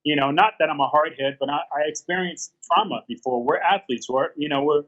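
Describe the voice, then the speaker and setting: Halting middle-aged man telling his story. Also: on the high side, fairly bright tone. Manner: halting, with many fillers and restarts. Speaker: interview guest. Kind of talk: candid storytelling. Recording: dull lo-fi sound.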